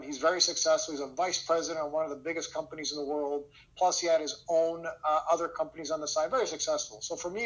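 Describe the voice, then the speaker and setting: A man's voice: a little high, poor audio. A man teaching a sales lesson over a video call, telling stories with energy and often checking in with "okay?". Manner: energetic storytelling, frequent "okay?" check-ins. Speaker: sales trainer. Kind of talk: online training lesson.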